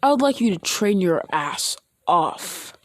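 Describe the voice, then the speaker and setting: A woman voicing a gruff adult male villain who gives blunt, lecturing advice. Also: mid-range voice, big pitch swings, measured pace, a little hiss or hum.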